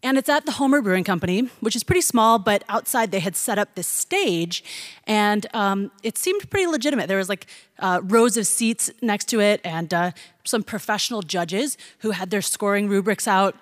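A woman's voice: mid-range voice, lively intonation, normal speed. Chatty woman telling a story. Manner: chatty, laughs often, many fillers. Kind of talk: personal storytelling.

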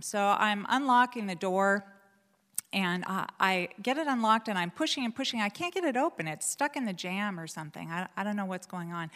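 A woman telling a personal story on stage, animated and self-deprecating, with many fillers and restarts. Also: mid-range voice, in a large hall. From Portland, Oregon.

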